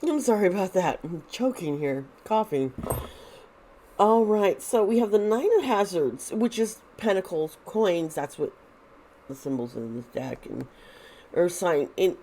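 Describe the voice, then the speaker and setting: A woman's voice: fairly low pitch, animated, measured pace, warm tone, slight background noise. A woman hosting a casual tarot reading, thinking aloud with many restarts and sounding a bit nervous. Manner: nervous, uneasy. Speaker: tarot reader and video host.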